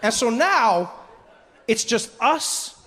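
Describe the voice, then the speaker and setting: High-voiced man telling a stand-up story. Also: slow pace, a little hiss or hum. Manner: animated storytelling with acted voices. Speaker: stand-up comedian.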